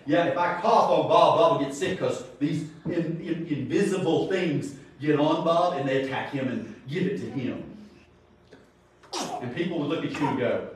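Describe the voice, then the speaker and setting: A man preaches, telling stories in an animated way and acting out the people in them. His voice sits a little high. It is recorded from a distance in a very echoey room with faint background noise. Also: normal speed. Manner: animated storytelling, acts out quotes. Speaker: Sunday school teacher. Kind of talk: sermon. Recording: very echoey room, far from mic.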